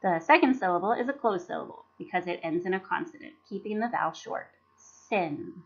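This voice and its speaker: Talking fast with lively intonation in a lowish voice, a teacher narrates a scripted professional development slideshow. She sounds out syllables and words carefully; the audio is dull lo-fi.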